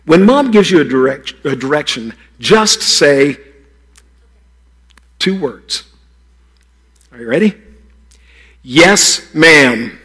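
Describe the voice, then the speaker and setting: A man delivers a children's sermon with a playful, teasing manner and talks straight to the young listeners. His voice is husky and slightly breathy. It sits a little higher than most men's. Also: very animated, slow, pauses often, fairly bright tone. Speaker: pastor giving a children's message.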